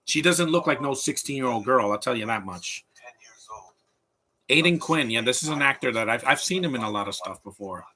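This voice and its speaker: Male film commentator, live talk-over, bright and punchy tone, opinionated rambler. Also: medium pitch, animated, fairly quick. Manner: opinionated, rambling rant with restarts.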